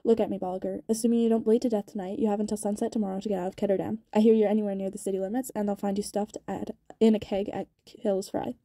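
A cold young gang boss with a gravelly rasp, as a woman reads him aloud from a novel. He taunts quietly and deliberately, his voice dark and muffled, and the words come quickly. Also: sits high, flat delivery, dry recording. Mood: threatening.

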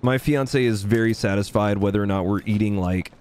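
A man's voice: on the low side, brisk, a little mellow, a little hiss or hum. A young man chatting casually on a live game stream, thanking viewers by name and laughing often.

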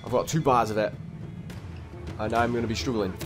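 A young gamer with a mid-range, fairly even voice talks a little fast as he plays, muttering to himself and repeating his frustrations in exasperation. His commentary sits over loud game music and cannon fire.

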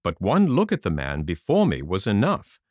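A man reading a classic adventure story aloud, his pitch swooping widely through every sentence. His delivery is animated and theatrical, recorded close with a dry, dead sound. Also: moderate pace, no room sound. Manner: expressive, lively storytelling. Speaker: audiobook narrator.

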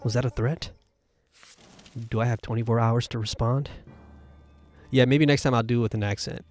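A man hosting a live gameplay stream, commentating in an excitable, rambling way, with lots of exclamations. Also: lowish voice, fairly quick, pauses often, faint music behind. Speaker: gaming video host.

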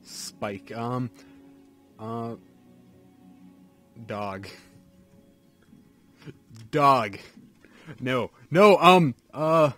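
A man's voice: mid-range voice, lively intonation, extremely slow, pauses often, fairly bright tone, faint music behind. A man giving goofy, rambling commentary while playing a video game. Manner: goofy, rambling, lots of ums. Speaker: let's play host. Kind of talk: casual gameplay commentary.

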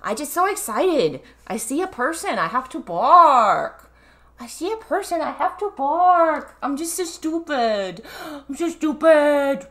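A high, squeaky female pet dog, as a woman puts her on, talking in broken baby-talk. She drags out her words slowly and apologizes in a sheepish, dim-witted way. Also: sing-song, fairly bright tone, heavily acted.

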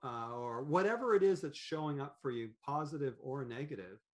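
A man talking as a podcast guest in an animated, rambling way, with many fillers and restarts. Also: medium pitch, fairly quick. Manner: animated, acts out quoted thoughts in voices. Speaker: podcast guest, business owner. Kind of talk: conversational interview.

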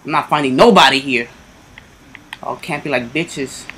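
Excitable, cursing young-sounding man gaming. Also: medium pitch, moderate pace, pauses often, breathy edge. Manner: excitable, swears constantly, yelps at sudden moments. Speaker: gamer doing live commentary. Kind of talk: casual gameplay commentary.

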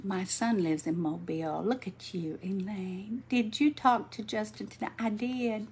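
A woman's voice: mid-range voice, a little slow, a little mellow, slight background noise. An older woman chatting folksily on a livestream, greeting viewers by name and sounding tired. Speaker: livestream host. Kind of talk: casual livestream chat while crafting.

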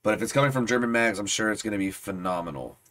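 Low-voiced easygoing man co-hosting. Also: quick pace. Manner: easygoing, warm, thanks viewers. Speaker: co-host of a music video reaction channel. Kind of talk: casual chat reacting to a music video.

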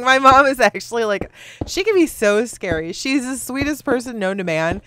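Chatty woman with a lively, swooping voice. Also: a little high, normal speed, a little hiss or hum. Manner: chatty, rambling storyteller who laughs often. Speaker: gaming video host. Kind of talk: casual chat while playing a game.

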